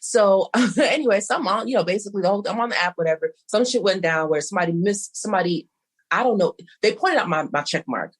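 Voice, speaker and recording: A woman's voice: medium pitch, lively intonation, quick pace, breathy edge. A middle-aged woman co-hosting a podcast, telling a long rambling story and quoting back and forth. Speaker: podcast co-host. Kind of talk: casual podcast chat.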